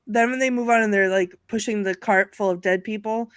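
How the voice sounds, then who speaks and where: A woman's voice: mid-range voice, a little fast, clear, resonant tone, no echo. A woman in casual chat on a movie panel, laughing often and reading aloud from her notes. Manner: giggly, animated, reads out notes.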